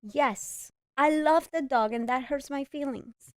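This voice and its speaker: A woman co-hosting a couples podcast, her voice sitting fairly high with a light foreign accent. She talks expressively and teases freely. The sound is close and dry. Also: measured pace, dry recording. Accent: Eastern European-sounding Spanish. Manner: expressive, teasing. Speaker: podcast co-host. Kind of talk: casual chat.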